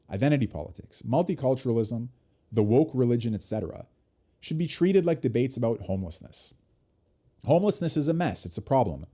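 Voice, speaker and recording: A man hosting a livestream, reading an article aloud at an even pace and stopping now and then for short asides of his own. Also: mid-range voice. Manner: reads text aloud, breaking off for brief asides.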